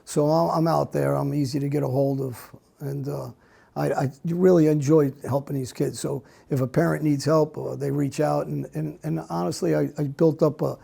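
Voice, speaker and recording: A middle-aged man answers interview questions in a blunt, halting way, often breaking off and starting again. His voice is very gravelly, dark and husky, and he stays in a flat, narrow pitch range. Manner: blunt, halting speech with many restarts. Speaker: interview guest. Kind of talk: candid conversational interview.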